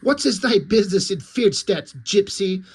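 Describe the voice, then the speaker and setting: A man's voice: sits high, expressive, moderate pace, husky, full character voice. A man voicing a stern, hostile young warrior nun in haughty mock-archaic speech, read from a comic.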